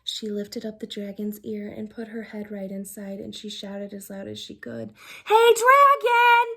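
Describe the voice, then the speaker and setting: A woman teacher reading a picture book aloud to children, animated, gasping and asking the listener questions. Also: medium pitch, moderate pace, creaky, slightly rough. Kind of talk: storytime read-aloud for children.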